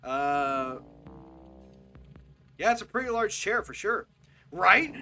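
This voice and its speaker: An excitable streamer talks through a game, swearing often and swinging from loud bursts to near-mutters. The pitch is very lively. Faint game music sits in the background. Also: slow, long pauses. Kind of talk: casual live game commentary.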